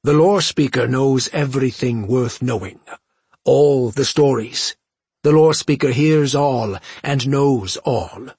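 A male narrator voicing a calm, precise insect-like alien in an audiobook, speaking in a measured, slightly husky voice. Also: mid-range voice, no echo. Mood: earnest.

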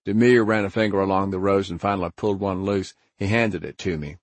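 A man narrating a first-person story in a grim, hard-boiled, measured way, as an audiobook reader. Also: low-pitched, steady tone, no room sound.

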